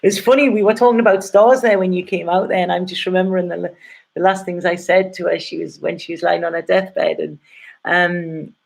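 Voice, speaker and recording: A woman's voice: lowish voice, fairly even intonation, brisk, vocal fry. A middle-aged woman gives a casual, rambling and heartfelt tarot reading, often checking in with "okay?". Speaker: tarot reader.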